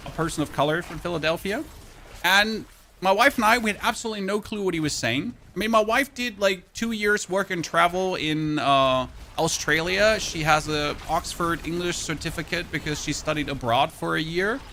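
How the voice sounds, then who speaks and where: This is a German gamer on a live stream, chatting loosely and repeating words as he reads out subscriber names and thanks them. He speaks at normal speed in a high, pushed, bright voice. There's slight background noise.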